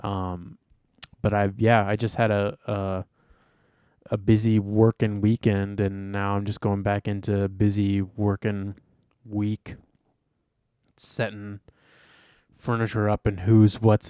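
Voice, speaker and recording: Tired male podcast co-host, low smooth voice, rambly casual chat, dry close sound. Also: monotone, takes it slowly, mellow, no echo. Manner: chatty, rambling with fillers and restarts.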